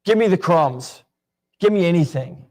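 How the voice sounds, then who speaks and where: Male church class teacher, slightly higher voice, chatty and full of questions. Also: animated, moderate pace, a little mellow. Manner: casual, questioning, uses many fillers. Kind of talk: conversational Bible class teaching.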